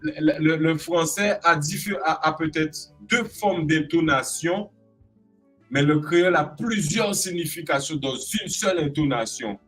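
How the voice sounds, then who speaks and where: Animated Guadeloupean man, playful. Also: fairly high pitch, moderate pace, soft background music, rough recording. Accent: Guadeloupean French. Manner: animated, acts out expressions with playful voices. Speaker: creative arts specialist guest. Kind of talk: casual interview chat.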